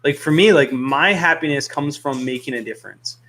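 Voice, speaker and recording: A man's voice: fairly high pitch, a little fast, a bit bright. A young man who owns a fish store, talking casually to camera from his shop in an earnest, rambling way with lots of fillers. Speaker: fish store owner and YouTube host.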